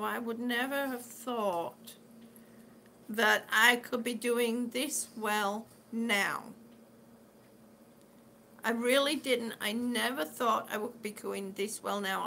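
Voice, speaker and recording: A woman's voice: on the high side, pushed and bright, slight background noise. A middle-aged woman chatting casually on her live stream, rambling and answering viewers' comments as she goes. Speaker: vlogger living with lung disease.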